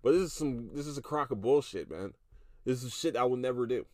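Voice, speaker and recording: Alone on his podcast, a thirtysomething man rants, swears heavily and breaks into laughs. His mid-range, slightly mellow voice is animated and fairly quick, captured in studio quality without echo.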